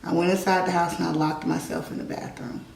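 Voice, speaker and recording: A woman's voice: on the low side, level tone, brisk, vocal fry, a little mellow. A young woman telling a personal story in a casual, chatty way, often saying "like" and "you know". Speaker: vlogger. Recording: roomy echo, distant mic, faint noise.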